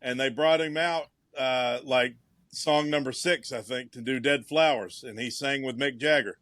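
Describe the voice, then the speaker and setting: A man's voice: mid-range voice, normal speed, fairly bright tone, dry recording. A man co-hosting a podcast in casual chat over a video call, talking music and telling stories. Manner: chatty, storytelling. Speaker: podcast co-host.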